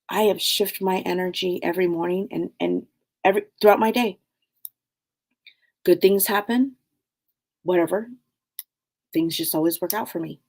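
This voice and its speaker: A middle-aged woman hosts a spiritual talk show, wandering casually through her points with lots of fillers and frequently dropping to a soft hush. Her voice is fairly low, creaky, with a breathy edge.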